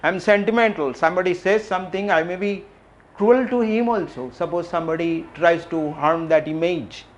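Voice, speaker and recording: A middle-aged man giving a reflective public talk, asking questions and repeating phrases with frequent pauses. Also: sits high. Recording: faint background noise.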